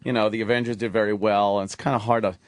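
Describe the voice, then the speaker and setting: A man's voice: lowish voice, level tone, very fast, no echo, clean studio sound. A man co-hosting a talk radio show, joking loosely and swearing freely. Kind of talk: casual talk radio banter.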